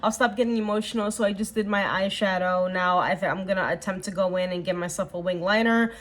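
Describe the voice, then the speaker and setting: A woman's voice: medium pitch, steady tone, fast. A young woman vlogger talking earnestly and casually while doing her makeup, rambling with fillers. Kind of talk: casual get-ready-with-me chat.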